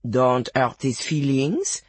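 A man's voice: medium pitch, expressive, slow pace, husky, no room sound, pitched below the performer's own voice. A reader voicing a charming but brutish man with a French accent, in a storybook reading. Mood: coaxing.

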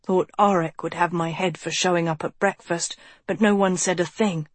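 A woman's voice: lowish voice, steady tone, moderate pace, no room sound, lightly acted. A woman voicing a confident young prince, breezy and teasing, in an audiobook. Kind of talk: audiobook character voice.

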